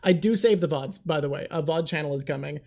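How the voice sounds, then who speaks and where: A woman hosting a live stream in casual chat, excitable, swearing, and talking in rushed bursts while thanking viewers. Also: low voice, gravelly, a little hiss or hum. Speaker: livestream host.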